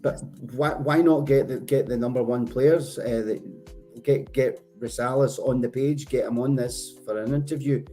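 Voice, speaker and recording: A man's voice: medium pitch, fairly even intonation, moderate pace, mellow, soft background music. A man hosting a casual live show, chatting and laughing with players in a virtual poker game, often stammering and restarting. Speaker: host interviewing players.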